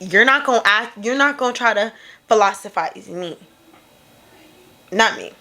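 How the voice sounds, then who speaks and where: A woman's voice: a little high, animated, normal speed, bright, forceful tone. A sassy young woman reacting to a dating show clip, talking animatedly and often breaking into laughter, recorded on her own camera at home. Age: young adult. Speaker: reaction video creator. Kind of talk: casual reaction commentary.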